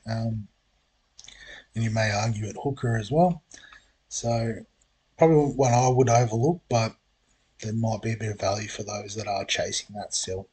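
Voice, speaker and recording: A man's voice: fairly low pitch, moderate pace, long pauses, darkish tone, husky. A man hosting his fantasy sports channel, talking casually and thinking aloud with plenty of ums and uhs, with the hiccups. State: has the hiccups. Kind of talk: casual solo preview talk.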